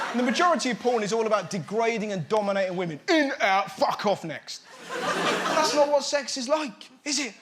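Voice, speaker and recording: A man doing a stand-up monologue as host, mocking and slipping into silly voices. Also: high voice. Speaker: comedian host. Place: studio with live audience. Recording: loud crowd and noise. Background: audience laughter.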